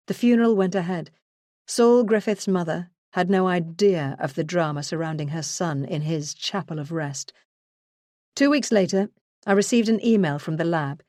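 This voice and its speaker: A woman narrating a first-person true crime memoir in a measured, earnest way. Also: lowish voice, a little mellow, no room sound, clean studio sound. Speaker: audiobook narrator.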